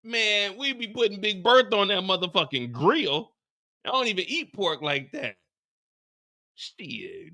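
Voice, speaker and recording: A man hosting a live TV after-show, ranting in an animated, profane way. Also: high voice, measured pace. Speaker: host.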